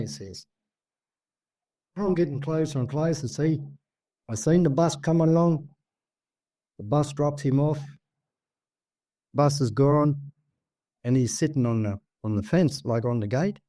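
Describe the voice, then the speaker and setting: An Australian man telling a story in a rambling, lively way, full of asides. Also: a little high, measured pace, long pauses, no echo. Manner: rambling, animated, full of asides like "see?" and "mate". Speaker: guest storyteller. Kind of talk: casual storytelling.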